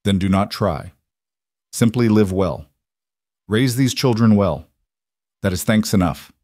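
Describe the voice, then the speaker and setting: A man voicing a wise elderly male tribal chief, calm and solemn, with slow, measured, grave speech. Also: fairly low pitch, no room sound, clean studio sound.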